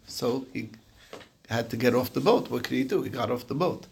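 Man, Talmud teacher, conversational storytelling, answers questions, medium pitch. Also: moderate pace, vocal fry, a little hiss or hum. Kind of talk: daily Talmud page lesson.

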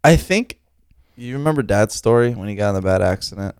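A man co-hosts a casual chat, teasing and swearing freely as he talks. His pitch swings widely and his voice has a gravelly edge. The sound is dry and close. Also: a little fast, no room sound. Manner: animated, profane, laughing teasing. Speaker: podcast co-host.

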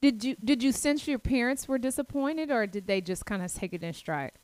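A woman's voice: a little high, fairly quick, a little mellow, no room sound, rough recording. Dry-sounding woman host asking questions. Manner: attentive, frequent short affirmations. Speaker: podcast host. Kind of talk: interview.

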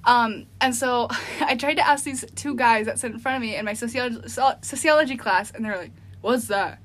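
A woman's voice: fairly high pitch, moderate pace, fairly bright tone. A young woman in college telling stories in a casual chat, laughing and teasing as she goes. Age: young adult. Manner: laughing storyteller who teases and chimes in. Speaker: co-host.

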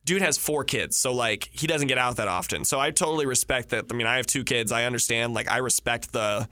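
A man's voice: medium pitch, a little fast, sharp tone, no echo, studio quality. A man in his thirties casually telling a rambling, profane story and laughing through it. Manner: rambling, swears freely, laughs through stories.

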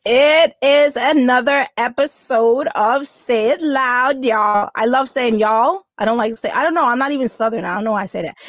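A woman's voice: on the high side, normal speed, few pauses, no room sound. A woman with a New York accent hosting a podcast in a chatty, playful way. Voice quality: chatty, self-deprecating, playful. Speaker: podcast host. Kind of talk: casual interview chat.

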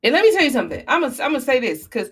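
A woman's voice: high voice, rapid-fire, husky. Preachy woman podcaster, casual speech. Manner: animated, preachy, apologizing in mock fashion. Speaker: podcast host. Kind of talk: casual advice talk.

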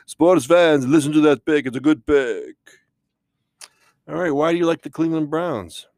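A man's voice: on the high side, normal speed, darkish tone, no echo, studio quality. A man hosting a comedic sports betting show, teasing his guests. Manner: playful, teasing announcer. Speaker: host.

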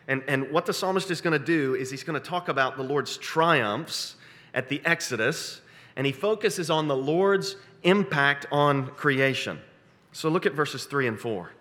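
A man preaching a sermon, animated, breaking into sudden high excited bursts when he acts out quotes. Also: moderate pace, big-room sound. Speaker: pastor.

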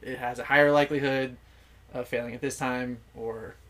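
A man's voice: mid-range voice, fairly even intonation, normal speed, a bit bright, slight background noise. A young man as a podcast guest, chatting casually, laughing easily and explaining things with lots of fillers. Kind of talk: casual chat.

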